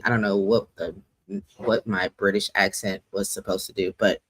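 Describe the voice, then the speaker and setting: The forty-year-old host of a poetry slam's monthly livestream chats casually, rambling and making jokes at their own expense. Their mid-range voice moves at a normal speed with a fairly bright tone, and there's no room sound.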